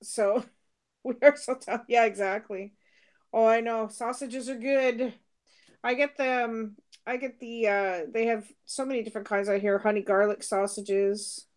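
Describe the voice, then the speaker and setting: A woman's voice: on the high side, fairly even intonation, unhurried. A middle-aged British-born woman without the accent, co-hosting a casual live stream, chatting and laughing as she answers viewer comments. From Britain. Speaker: co-host reading viewer comments.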